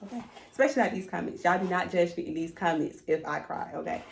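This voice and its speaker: A young woman speaks in a chatty, emotional way while unboxing on camera. Her voice has a gravelly fry to it. Her distance from the camera mic shifts, and a faint hiss sits underneath. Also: lowish voice, fast talker. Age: young adult. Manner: emotional, chatty, talks straight to viewers. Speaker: vlogger. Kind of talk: casual vlog unboxing.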